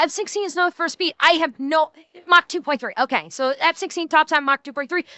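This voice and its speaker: A woman streamer talks through a video she is reacting to, thinking aloud as she goes. Her voice is high and bright, and she stops and restarts often with fillers. The sound is dry and close, with almost no room. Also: dry recording. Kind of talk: casual react commentary.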